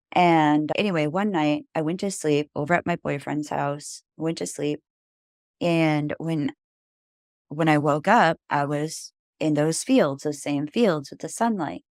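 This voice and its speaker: A woman with a low voice tells a personal story as a podcast guest. She rambles casually, with lots of "like" and "you know." The sound is dry and close. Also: measured pace, a little mellow, no room sound.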